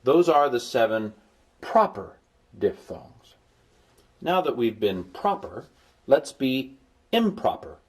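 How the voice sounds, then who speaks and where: A man's voice: mid-range voice, very animated, slow pace, husky. A man recording a language lesson as a tutor, explaining patiently and dropping playful, jokey asides to his students. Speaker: Greek tutor.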